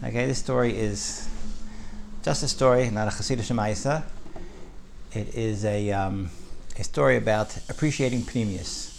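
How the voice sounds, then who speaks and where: A man's voice: fairly low pitch, moderate pace, vocal fry, a little hiss or hum. A man teaching a Torah class, telling a story and pressing points with frequent "right?". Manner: animated, rising with emphasis, frequent "right?".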